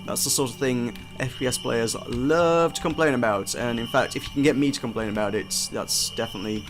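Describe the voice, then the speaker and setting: A man's voice: mid-range voice, a little fast, over music. A young man giving casual, chatty first impressions of a game, self-deprecating and often restarting his sentences. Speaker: game reviewer. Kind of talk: casual gameplay commentary.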